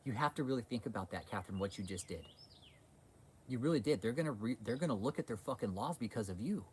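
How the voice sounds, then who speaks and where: A man's voice: mid-range voice, animated, fast, darkish tone, a little hiss or hum, poor audio. A man hosting a livestream, ranting in a crude, heated, sarcastic way. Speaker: livestream host. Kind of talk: profane livestream rant.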